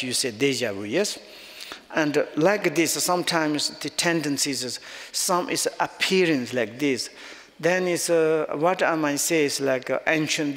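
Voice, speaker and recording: A man giving a Buddhist teaching in non-native English, halting and often searching for words. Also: on the high side, a bit bright. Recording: long hall reverb.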